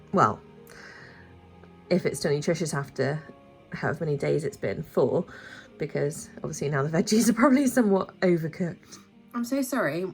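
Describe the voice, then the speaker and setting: Woman, sore throat, low voice, casual rambling vlog chat. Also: vocal fry. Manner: talks in high baby-talk to her pet bird; chatty, rambling with many ums. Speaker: vlogger.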